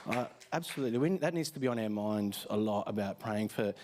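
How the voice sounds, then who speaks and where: A man's voice: on the low side, lively intonation, quick pace, darkish tone, a little hiss or hum. A tired man with an Australian accent, a pastor chatting through a casual sermon from a church stage, telling stories with many fillers and restarts.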